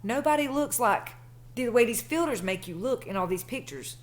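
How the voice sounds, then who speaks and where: A woman's voice: on the high side, lively intonation, normal speed. A woman in her thirties telling a personal story in a chatty, colloquial way. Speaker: vlogger. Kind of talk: casual storytelling.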